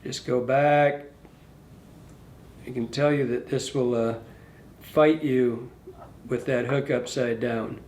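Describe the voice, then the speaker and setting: A man's voice: medium pitch, fairly even intonation, takes it slowly, long pauses, darkish tone, roomy sound, slight background noise. A man giving a casual hands-on fly tying tutorial, rambling and correcting himself, and talking to the fly as he works. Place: fly shop tying bench.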